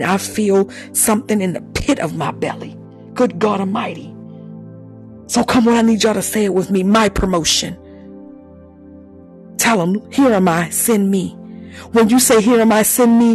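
A spirited preacher leads the congregation in call-and-response, laughing between lines. At times the voice drops into speaking in tongues. Soft music plays underneath at a middling pitch. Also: low-quality recording. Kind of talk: sermon.

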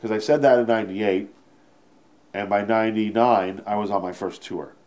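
A Canadian stand-up comedian telling a story in an interview, rambling, swearing freely and correcting himself mid-sentence. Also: male voice, lowish voice, steady tone, normal speed, a little mellow.

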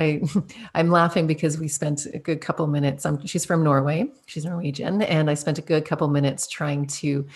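A woman hosting a podcast, effusive and upbeat, introducing a guest and laughing often. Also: low-pitched. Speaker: podcast host.

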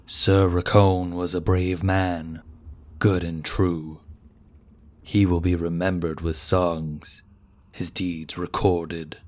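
A man's voice: deep voice, flat delivery, a little mellow. A man voicing a grim vengeful knight. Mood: solemn. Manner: slow, heavy, solemn delivery. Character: grim vengeful male knight, stern and bitter.

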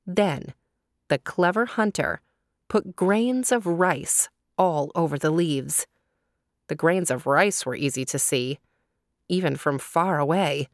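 A woman telling a children's story, gentle and deliberate, pausing to ask her young listeners questions. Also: sits low, dry recording, clean studio sound.

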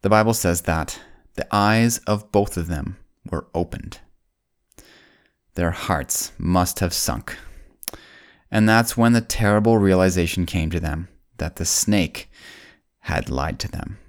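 Deep-voiced man telling kids a Bible story. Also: lively intonation. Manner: folksy, speaks directly to the children as "kidzos"; slows down and drops low on solemn points.

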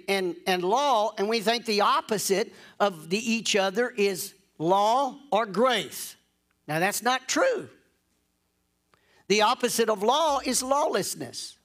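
Emphatic high-voiced preacher. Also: male voice, pushed and bright. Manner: emphatic, insistent; repeats phrases for stress. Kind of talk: sermon.

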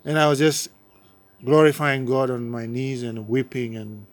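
A man's voice: medium pitch, a little slow. A man from Uganda, a pastor giving his personal testimony in an interview, speaking earnestly and often repeating or restarting his words.

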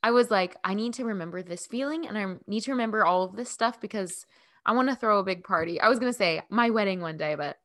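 A woman co-hosting a podcast in casual chat over a video call, bubbly and laughing often, her voice leaping up when excited. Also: mid-range voice, fast talker. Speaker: podcast co-host. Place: home, remote call.

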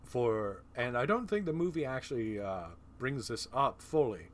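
Male host for a casual movie podcast; talks in an animated, chatty way and laughs easily. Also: mid-range voice, normal speed, a little hiss or hum. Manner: animated, laughing, profane asides. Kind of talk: casual film discussion.

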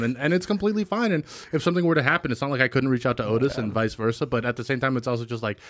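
Fast-talking man, joking banter with friends, dry close mic. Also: medium pitch, a bit bright, no echo. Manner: fast, joking, laughs often. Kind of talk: casual chat among friends.

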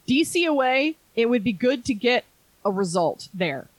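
A woman co-hosting a casual podcast, talking soccer in a chatty, emphatic way and agreeing quickly. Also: a little high, big pitch swings, rough recording. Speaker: podcast co-host. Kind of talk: casual chat about soccer.

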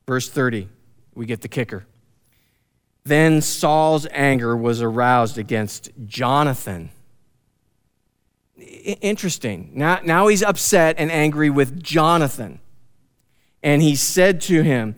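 Man preaching in a smooth, clear voice. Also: fairly high pitch, moderate pace. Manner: conversational, emphatic, frequent "you know" and "man". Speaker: pastor. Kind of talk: sermon, reading and explaining scripture.

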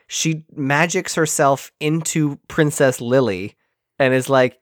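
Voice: mid-range voice, measured pace, dry recording, clean studio sound. A podcast co-host recapping a movie in casual chat, sarcastic and profane, acting out the scenes.

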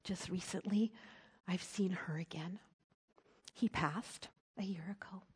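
A middle-aged woman preaching, telling a personal story in an earnest way that drops to a soft hush at tender moments. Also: fairly low pitch, measured pace, breathy edge. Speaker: speaker at a church service. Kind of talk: storytelling sermon.

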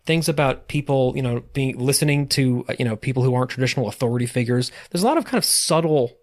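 A man's voice: medium pitch, fast talker. A man co-hosting a podcast, rambling in casual chat with many restarts and casual swearing. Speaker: podcast co-host.

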